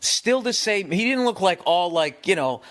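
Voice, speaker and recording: A man in his fifties telling rambling, profane stories in a casual rant, animated and quick to swear. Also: sits high. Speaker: comedian. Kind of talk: casual podcast-style rant.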